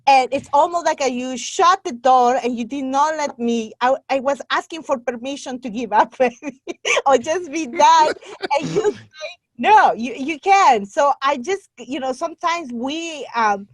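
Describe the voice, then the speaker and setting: A woman's voice: sits high, measured pace, no echo. A woman from Guatemala with a Guatemalan Spanish accent, a native Spanish speaker, talking earnestly and from the heart as a podcast guest. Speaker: guest, membership site owner. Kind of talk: casual podcast interview.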